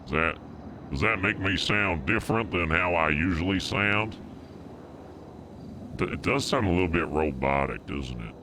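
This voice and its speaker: A man's voice: low voice, animated, normal speed, background noise. A young man streaming, muttering to himself while he tests his voice settings. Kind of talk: casual livestream chat.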